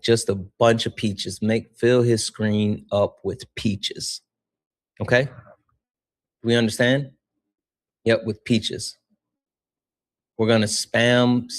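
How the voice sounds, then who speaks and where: A young man hosting a livestream, chatting casually with his viewers, reading out donations and swearing freely. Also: lowish voice. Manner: animated, swears casually, talks straight to chat. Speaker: livestream host.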